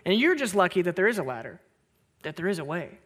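A man, a pastor, delivering a Christmas sermon, telling a story with bursts of loud, high energy and then dropping soft and low on reflective points. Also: fast, slightly rough. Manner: animated storytelling, rising loud on anecdotes.

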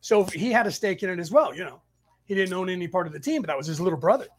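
A man hosting a spiritual study class on a live stream, telling stories in a rambling way with sudden loud outbursts, talking into a home computer mic. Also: high-pitched, expressive, very fast. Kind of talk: casual live-stream storytelling. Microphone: home computer mic over weak Wi-Fi.

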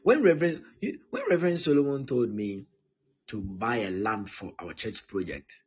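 A breathy, heavily husky male pastor teaches in his thirties, driving his points home by repeating them and asking "okay?" again and again. The sound is dull and lo-fi, like a streamed recording. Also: lowish voice, big pitch swings, normal speed. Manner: emphatic and repetitive, often checking in with "okay?". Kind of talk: live-streamed teaching sermon.

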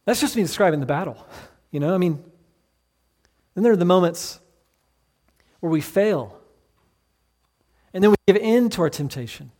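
A man's voice: high-pitched, lively intonation, normal speed, long pauses, darkish tone. A male pastor preaching a sermon, earnest and pleading, with many rhetorical questions.

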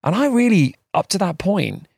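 A man's voice: high voice, very animated, moderate pace, creaky, darkish tone, husky. A man co-hosting a podcast, chatting in a rambling, self-mocking way. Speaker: podcast co-host. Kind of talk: casual chat.

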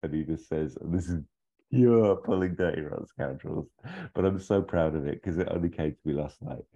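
Casting: low, mellow-voiced man pitching ideas casually on a dull lo-fi recording. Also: normal speed. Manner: rambling, acts out lines in bits. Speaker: podcast co-host pitching a story idea. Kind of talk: casual chat.

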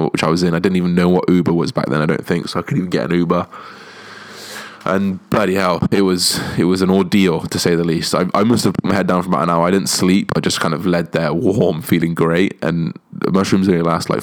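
A man's voice: low-pitched, flat delivery, fast. A young man telling a candid, sweary story in a casual, laid-back way.

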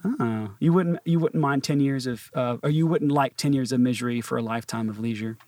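A man's voice: mid-range voice, a little fast, a little mellow, dry recording. A man hosting a podcast in a studio, chatting playfully and laughing often with a group of guests. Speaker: podcast host. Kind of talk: casual chat.

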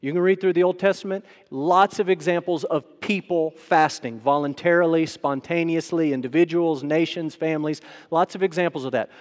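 A man with a slightly raised voice preaches a sermon. He talks to the crowd like a conversation, tossing out rhetorical questions. A long hall echo trails behind every phrase. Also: fairly high pitch. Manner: acts out quoted voices. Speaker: pastor.

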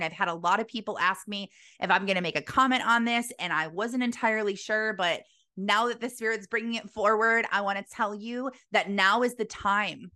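A woman's voice: medium pitch, pushed and bright. A woman giving a motivational Christian sermon in an earnest, urgent, exhorting manner. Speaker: Christian speaker.

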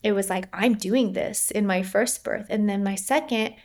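A woman's voice: medium pitch, normal speed, darkish tone. A woman in her thirties recounting her birth story in a casual, rambling way, with many fillers and frequent laughs. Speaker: podcast guest. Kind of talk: personal story, casual interview.

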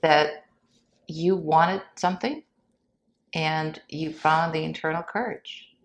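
A woman hosting an interview, speaking in a reflective, measured way as she sums up her guest's story. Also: sits low. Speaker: host. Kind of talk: interview conversation.

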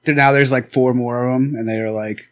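A man's voice: medium pitch, fairly even intonation, moderate pace. A man in casual, crude banter with friends, laid-back and swearing often, acting out short bits.

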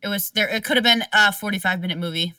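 A woman's voice: medium pitch, quick pace, pushed and bright, distant mic. A young woman co-hosting a casual movie review podcast, blunt and profane. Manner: blunt, profane, laughs often. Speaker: podcast co-host.

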